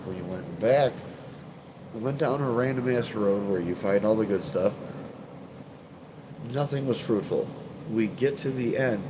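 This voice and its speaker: A stuffed-up man talks loosely to his live-stream viewers, full of "uh"s, restarts and casual swearing. His voice sits on the low side. A constant hum of air conditioning runs clearly under him. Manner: rambling, hesitant, many fillers and restarts, swears casually. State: congested, stuffed up. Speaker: urban exploration channel host.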